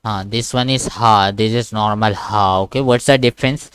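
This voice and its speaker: A Quran teacher gives a patient, repetitive one-on-one online lesson over a video call, frequently asking "okay?" and demonstrating sounds. His voice is fairly low, steady, fairly bright, clear and resonant, at a moderate pace with no echo.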